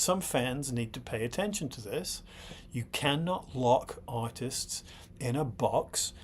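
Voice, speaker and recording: A man's voice: mid-range voice, slight background noise. A middle-aged man hosting, giving thoughtful analysis of song lyrics, often checking in with his listener and turning blunt when he calls out critics. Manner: thoughtful, repeatedly checks in with "right?". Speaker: host.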